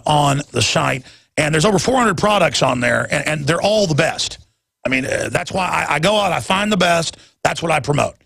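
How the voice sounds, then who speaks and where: A man in his forties hosts a talk radio show, delivering an impassioned monologue in a fairly high, gravelly, slightly bright voice with no room sound. He speaks intensely and emphatically, stumbling over repeated words when he gets worked up.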